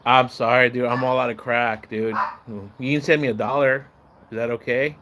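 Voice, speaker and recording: A man livestreaming, telling a long casual story in a rambling, profane way and acting out the shouts and voices of the people in it. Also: medium pitch, fairly even intonation, moderate pace, a little hiss or hum. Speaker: live streamer. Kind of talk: casual storytelling on a live stream.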